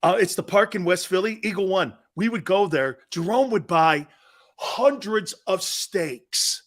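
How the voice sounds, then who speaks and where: Loud, excitable middle-aged male sports host. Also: high-pitched, measured pace. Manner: loud, laughing, excitable, acts out quotes from friends and family. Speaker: sports talk show host. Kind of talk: animated storytelling on a sports show.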